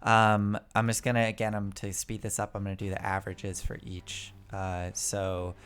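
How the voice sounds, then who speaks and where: A man narrating as game master for a tabletop game, halting and relaxed with many fillers. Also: lowish voice.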